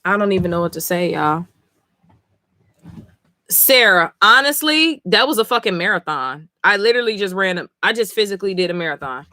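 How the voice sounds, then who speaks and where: A woman talking casually on a live stream, tired after a long session, excitable and full of swearing. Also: on the low side, fast talker, hardly any pauses, no room sound. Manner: excitable, profane, emotional. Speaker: live-stream comic reader.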